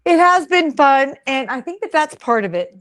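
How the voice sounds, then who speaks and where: A woman's voice: sits high, sing-song, moderate pace, a bit bright. Giggly teasing female co-host. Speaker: show co-host. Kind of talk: live call-in show chat.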